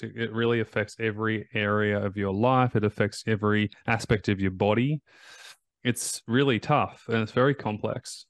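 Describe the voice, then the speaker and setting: A man's voice: fairly low pitch, no room sound. A man hosting a podcast as a recovery coach, talking in an emphatic, motivational way and repeating his key phrases.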